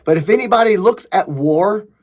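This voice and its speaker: A man's voice: high voice, animated, normal speed. A man hosting a podcast, giving emphatic, sarcastic commentary as he reads through an online argument. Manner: emphatic, sarcastic, mocking impressions of opponents. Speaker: podcast host. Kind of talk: opinionated commentary reading a thread.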